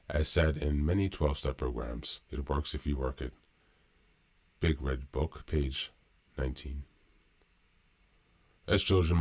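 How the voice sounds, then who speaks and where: A man hosting a daily recovery podcast, reading a meditation aloud and reflecting on it at a calm, measured pace. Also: a bass voice. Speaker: podcast host.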